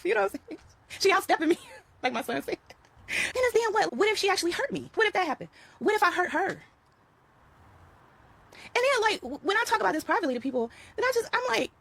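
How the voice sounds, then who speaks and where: Very high-pitched and sing-song, this middle-aged vlogger talks quickly in a fairly bright tone. In her casual spiritual vlog she's emphatic and repetitive, addressing followers as "y'all" and "child."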